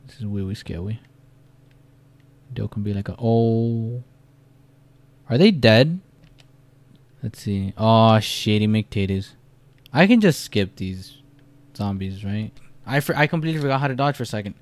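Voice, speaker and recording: A man's voice: mid-range voice, expressive, normal speed, long pauses, no echo. A young man giving casual let's-play commentary, jumpy and profane, rambling through his reactions. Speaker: gamer.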